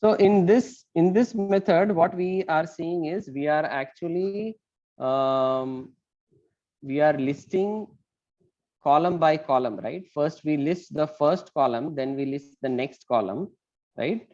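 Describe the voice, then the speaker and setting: A man's voice: on the high side, takes it slowly, warm tone. A man teaching an online class, asking questions and explaining step by step. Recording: muffled lo-fi call audio.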